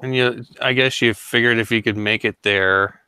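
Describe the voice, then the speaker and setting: A man's voice: medium pitch, fairly even intonation, moderate pace, sharp tone, clear, resonant tone, dry recording, low-quality recording. A man in a casual group chat who teases the others with dry remarks. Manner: dry, teasing. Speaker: guest.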